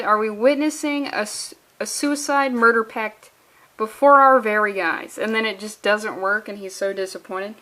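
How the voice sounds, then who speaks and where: Sarcastic woman ranting thru a comic review, kinda high voice, swears a lot. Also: sharp tone. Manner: exasperated, sarcastic, profane.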